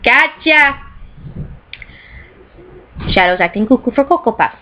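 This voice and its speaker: A woman vlogger chatting casually and excitedly about things she bought, rambling and giggling, recorded in a bedroom. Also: high-pitched, unhurried. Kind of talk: casual chat showing off purchases. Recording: slightly dull lo-fi sound.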